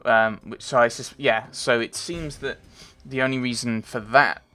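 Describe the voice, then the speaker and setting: A man's voice: medium pitch, fairly even intonation, moderate pace, bright, forceful tone. A man giving casual, rambling commentary while playing a game, thinking aloud and reading on-screen text. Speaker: let's play gamer.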